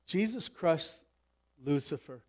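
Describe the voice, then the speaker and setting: A man preaching a sermon as pastor, emphatic, swinging between loud pleas and hushed asides. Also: on the high side, lively intonation, takes it slowly.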